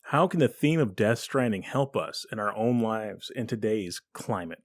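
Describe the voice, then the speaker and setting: A man's voice: lowish voice, normal speed, no room sound. A man hosting a podcast, asking friendly questions and laughing along with his guest. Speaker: podcast host. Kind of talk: casual podcast interview.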